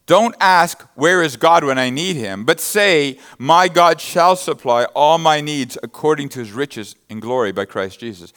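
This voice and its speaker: A man's voice: a little high, animated, measured pace, hardly any pauses, a bit bright, clean tone. A man preaching a sermon, reading scripture verses and expounding them with emphatic, rising bursts of intensity. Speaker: pastor.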